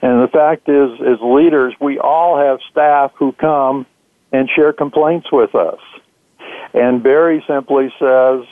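A man, an author being interviewed, answering in a measured way with frequent "uh" fillers. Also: mid-range voice, steady tone, no room sound. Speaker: author and guest. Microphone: phone. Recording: tinny dry phone line.

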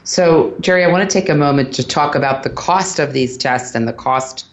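A man's voice: mid-range voice, normal speed. A man hosting a radio interview, asking guiding questions and summarizing advice earnestly. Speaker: radio show host.

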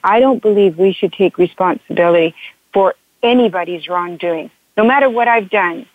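A woman's voice: medium pitch, moderate pace, no echo. A woman author and couples counselor telling her story in an interview, earnest and emotional, often repeating herself. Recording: dry tinny phone line.

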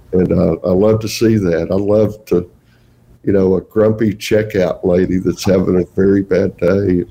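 Poor audio carries the low-pitched, creaky, warm voice of an older man with a Texan accent. He's a guest Santa performer in a casual interview, rambling through folksy stories punctuated by chuckles.

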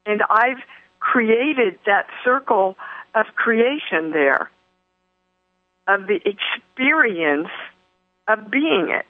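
A woman hosts a spiritual radio talk show in an unhurried, effusive ramble full of ums and restarts. The sound is dry and squeezed down to a thin, phone-like band, like an old broadcast line. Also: medium pitch, animated, no room sound.

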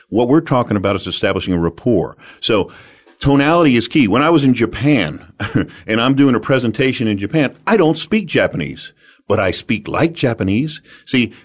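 A man from the United States, an animated and emphatic storyteller, giving sales advice as an interview guest. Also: medium pitch.

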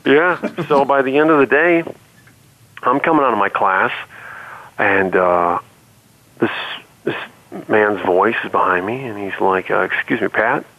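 A man's voice: fairly low pitch, measured pace, pauses often. A man guest telling a personal story earnestly in a casual conversation, heard over a call line. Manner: earnest storytelling with many restarts. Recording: tinny phone-like line.

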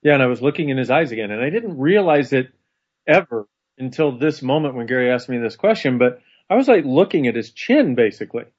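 A man telling a personal story in a casual, animated conversation, laughing often. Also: medium pitch, brisk, slightly rough. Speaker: co-host. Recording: dull lo-fi sound.

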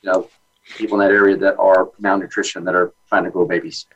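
A man with a fairly low voice talking as a guest in a casual interview. He explains things eagerly and at length, with frequent fillers and restarts. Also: little pitch movement, quick pace, fairly bright tone, dull audio. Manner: enthusiastic, with many fillers and restarts.

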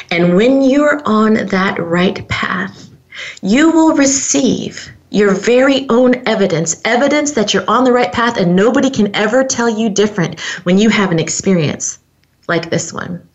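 Earnest woman host with gravelly voice. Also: mid-range voice. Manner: earnest, heartfelt, speaks straight to listeners. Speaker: podcast host. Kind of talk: personal storytelling monologue.

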